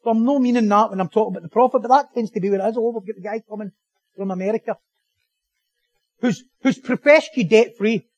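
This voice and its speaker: A man preaching a sermon as pastor, animated and joking, repeating phrases for emphasis. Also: sits high, fast talker, no echo, rough recording.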